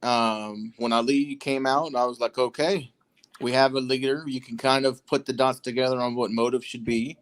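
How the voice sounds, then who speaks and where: Male podcast co-host, mid-pitched voice, relaxed and brief. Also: moderate pace, hardly any pauses. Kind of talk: casual chat.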